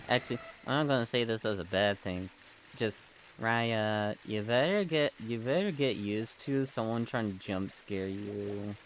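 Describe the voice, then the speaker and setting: A man's voice: medium pitch, animated, takes it slowly, a little hiss or hum, poor audio. A young man chatting on a live stream, telling rambling stories in a playful way and chuckling between them. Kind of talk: casual live-stream chat. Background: background music.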